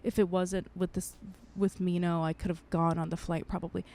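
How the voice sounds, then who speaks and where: A woman's voice: fairly low pitch, flat delivery, brisk, mellow. A woman podcast co-host in her thirties, telling a personal story in a candid way, swearing freely and acting out what people said. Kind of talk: casual chat, personal storytelling.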